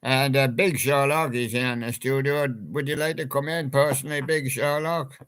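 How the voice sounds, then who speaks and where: A man's voice: mid-range voice, steady tone, moderate pace, fairly bright tone, clear, resonant tone. A man hosting a homemade radio show, presenting toy characters' song picks with whimsical, chuckling patter. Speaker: home radio show host.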